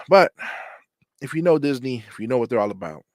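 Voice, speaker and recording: A man's voice: medium pitch, lively intonation, normal speed, dry recording. A man hosting his own channel, talking in a loose, rambling, conversational way to people joining a live chat. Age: adult. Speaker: channel host. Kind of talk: casual livestream chat.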